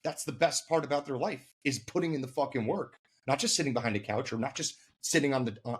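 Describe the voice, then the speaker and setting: Male host, husky tone, pep-talk delivery, casual cursing. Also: medium pitch. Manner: emphatic, motivational, loosely profane. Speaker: podcast host.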